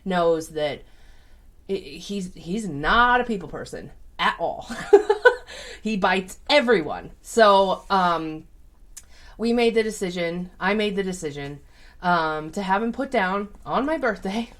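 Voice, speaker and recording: A woman's voice: fairly low pitch, expressive, takes it slowly, fairly bright tone. A woman who reads tarot as a psychic, telling a personal story in a casual, chatty way with many fillers.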